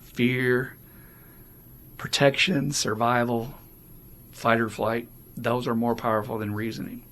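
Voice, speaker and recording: A man co-hosting a casual recovery podcast, talking openly and acting out quoted voices with animated energy. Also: medium pitch, takes it slowly. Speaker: podcast co-host.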